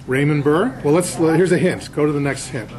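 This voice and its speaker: A man who is an author gives a casual slide lecture, telling anecdotes and quizzing the audience like a chatty storyteller. His voice is on the high side at a moderate pace, and the recording is rough.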